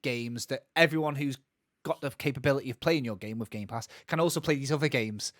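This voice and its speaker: A man's voice: mid-range voice, fairly quick, a bit bright, no room sound. A man in casual podcast chat, talking in loose, rambling runs that keep restarting and circling back. His voice sits in an ordinary middle range. The recording is dry and close, with no room sound. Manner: rambling, many restarts and asides. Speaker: podcast co-host.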